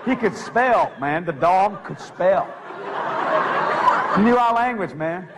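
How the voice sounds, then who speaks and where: A man telling a funny story from the pulpit, his voice sitting high and leaping all over the place. He laughs through his lines and acts out sounds. The live recording carries clear background noise. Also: lively intonation, slow, in a large hall. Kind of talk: humorous storytelling sermon.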